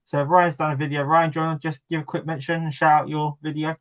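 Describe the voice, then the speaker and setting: A man's voice: fairly high pitch, flat delivery, fast, muffled recording. Chatty man hosting a podcast. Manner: chatty, laughs often. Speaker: host. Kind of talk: casual chat.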